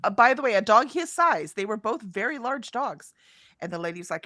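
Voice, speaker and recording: A middle-aged woman, co-host of a writing sprint stream, tells a lively story in casual chat, peppering it with ums and "right?" while voicing the other people's parts. She has a medium pitch and fairly quick pace, with studio-quality sound and no echo.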